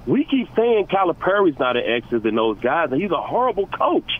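A man calling into a sports radio show, ranting excitably and stumbling over repeated words. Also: fairly high pitch, a little fast, phone-quality sound. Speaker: caller.

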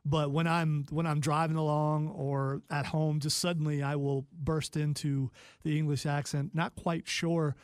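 Male radio co-host, easygoing and self-deprecating, slightly high voice, dry close mic. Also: flat delivery, unhurried, few pauses, clean tone, dry recording. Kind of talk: casual radio banter.

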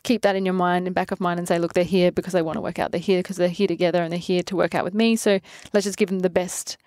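A woman in her twenties from Adelaide with an Australian accent, a fitness trainer telling lively stories in an interview, acting out quotes and laughing often. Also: on the low side, quick pace, no echo, clean studio sound. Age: 20s. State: pregnant. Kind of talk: casual interview.

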